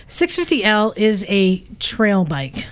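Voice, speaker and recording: A woman hosting a casual chat, steering the talk in a brisk, practical way. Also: mid-range voice, big pitch swings, no room sound. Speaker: podcast host.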